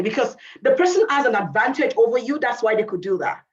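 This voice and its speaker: A woman's voice: fairly high pitch, animated, a little fast, muffled recording. A woman who moved to Canada, giving a conversational motivational talk to young people, repeating herself and saying "you know" often. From immigrant to Canada. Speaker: youth workshop speaker.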